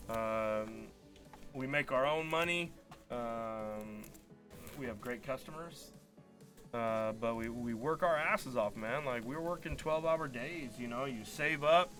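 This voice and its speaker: A man's voice: mid-range voice, slow pace, fairly bright tone. A man telling a long, frustrated story in casual live-stream chat as a card break host, acting out quoted dialogue. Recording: faint music behind.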